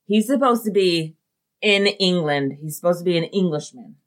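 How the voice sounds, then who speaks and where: A woman co-host chats casually on a podcast, giving blunt, wry reactions with some swearing. Her voice sits on the lower side. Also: expressive, normal speed. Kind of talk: casual conversational chat.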